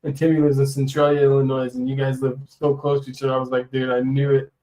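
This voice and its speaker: A man's voice: mid-range voice, completely flat delivery, fast talker, dark tone, poor audio. A man chatting casually on his own livestream, rambling and laughing often as he shows off coins. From US West Coast. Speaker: livestream host. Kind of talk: casual live-stream chat.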